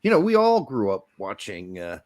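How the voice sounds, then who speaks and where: A man's voice: fairly low pitch, huge pitch swings, moderate pace, darkish tone. A young adult man co-hosting a sports podcast, talking casually in a jokey, rambling way. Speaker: podcast co-host.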